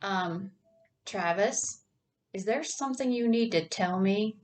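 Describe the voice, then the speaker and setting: A woman's voice: mid-range voice, takes it slowly, darkish tone, recorded from a distance, natural voice. A woman voicing a sarcastic, bitter young woman who speaks in a dry manner. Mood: wry.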